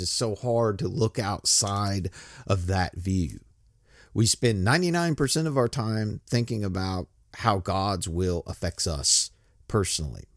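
A man with a low voice that rises and falls a lot, preaching a relaxed, joking sermon. He talks conversationally, breaks off and restarts often, and his voice is recorded dry and close. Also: no room sound. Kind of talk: casual sermon with bible reading.

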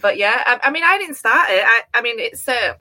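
A woman's voice: fairly high pitch, expressive, brisk, bright, forceful tone. A woman guest on a discussion show, chatty and somewhat hesitant, laughing easily. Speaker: co-host guest. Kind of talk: casual political discussion. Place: Yorkshire.

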